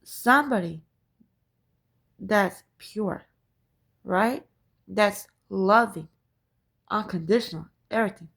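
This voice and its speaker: A woman's voice: medium pitch, slow, vocal fry, pauses often, fairly bright tone, breathy edge. A woman ranting to camera, profane and emphatic, repeating her points and asking "right?" again and again. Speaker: spiritual vlogger.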